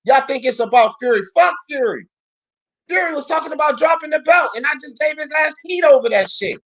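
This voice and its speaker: A woman's voice: high-pitched, animated, brisk. Ranting, foul-mouthed woman boxing host. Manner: loud, profane, ranting, often shouting. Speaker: sports talk show host. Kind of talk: heated boxing commentary rant.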